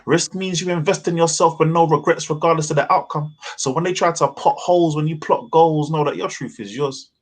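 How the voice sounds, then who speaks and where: A man performing spoken word poetry at a virtual open mic, with measured, rhythmic delivery and heavy wordplay, heard over a video call. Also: fairly high pitch.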